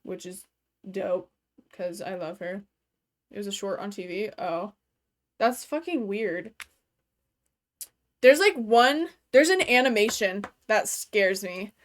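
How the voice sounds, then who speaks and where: A woman's voice: medium pitch, animated, slow, long pauses. A young adult woman chatting casually from her bedroom while streaming a game, talking loosely and swearing freely, with lots of "like" fillers. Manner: loose and profane, full of "like" fillers. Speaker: gaming streamer.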